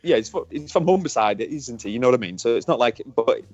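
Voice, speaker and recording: Candid northern English podcast co-host. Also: male voice, mid-range voice, lively intonation, fast, a little mellow, no echo, lo-fi sound. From northern England. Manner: candid, jokey, swears freely. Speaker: podcast co-host, former motorbike racer. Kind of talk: casual podcast chat.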